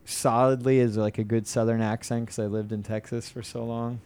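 A man's voice: mid-range voice, flat delivery, fairly quick, a little mellow, clear, resonant tone. A man co-hosting a casual chat, telling loose stories and mimicking the people he quotes. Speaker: podcast co-host.

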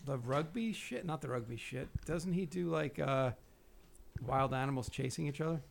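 A man co-hosting a casual podcast, loud and joking, swearing freely. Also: mid-range voice, moderate pace, gravelly. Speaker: podcast co-host.

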